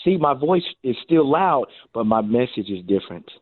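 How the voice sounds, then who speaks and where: An expressive former coach speaking over a narrow, phone-like line with no room sound. He is middle-aged and talks at a mid pitch. He tells lively stories and acts out his own quotes as he goes. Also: normal speed, no echo. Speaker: guest, former NFL receiver and coach. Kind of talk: phone-in radio interview.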